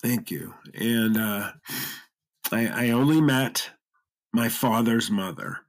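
In an interview, a man of half Lebanese, half German Irish heritage tells his personal story earnestly and emotionally. He speaks slowly in a mid-range voice, choking up at times and often restarting sentences.

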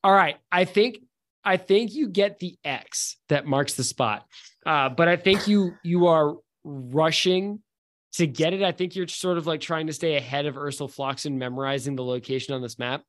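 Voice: mid-range voice, moderate pace. Tabletop game master, easygoing and descriptive. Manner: relaxed, descriptive, hesitant.

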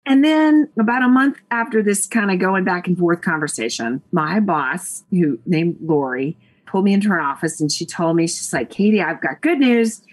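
A woman from Tennessee tells stories as a guest on a chatty interview show. Her voice is somewhat husky, and she laughs often. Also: on the low side, normal speed, few pauses. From Nashville, Tennessee. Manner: animated storyteller, laughs often. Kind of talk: casual chat.

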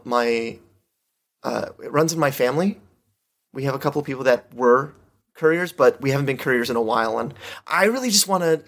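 A man's voice: medium pitch, a bit bright, lightly acted. A man voicing a nervous rambling young woman. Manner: hesitant, full of fillers.

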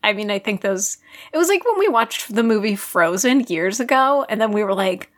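A woman's voice: medium pitch, lively intonation, moderate pace. A woman co-hosting a podcast in casual chat, talking in a chatty way with lots of "like" fillers. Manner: chatty, frequent "like" fillers and laughs. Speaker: podcast co-host.

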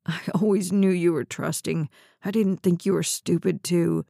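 A woman reading the part of a bitter, injured young man in a hospital bed, with a gravelly, curt voice. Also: lowish voice, steady tone, normal speed, warm tone, dry recording, studio quality. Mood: harsh.

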